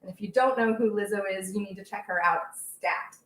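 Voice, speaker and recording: A woman's voice: mid-range voice, brisk, reverberant, slight background noise. A young woman hosting a casual baking livestream from her home kitchen, chatting and reading out viewer comments. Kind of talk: casual live-stream chat while cooking.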